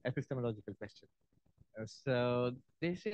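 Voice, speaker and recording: Male monk lecturer, lively storyteller, slightly higher pitch, dry lo-fi sound. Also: normal speed, no room sound. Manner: animated, acts out story parts. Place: university lecture hall.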